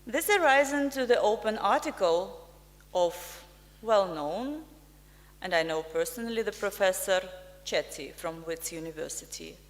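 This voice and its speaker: A woman from Ukraine, an ambassador giving a formal prepared speech in slow, deliberate, emphatic phrases. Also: medium pitch, lively intonation. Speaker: ambassador, guest speaker. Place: press club function room. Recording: reverberant hall.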